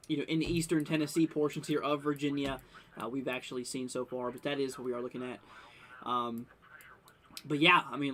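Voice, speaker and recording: A young man talks through live weather updates in a loose, rambling way, full of fillers. His voice sits a bit high and sounds bright and forceful. He breaks into sudden excited bursts when new warnings come in. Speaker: livestream weather host. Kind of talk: casual live weather commentary.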